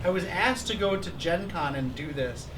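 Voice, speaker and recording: A man in his thirties hosting a live stream, talking casually and ranting with animated sarcasm. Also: high-pitched, moderate pace. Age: 30s. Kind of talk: casual chat. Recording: distant mic with faint noise.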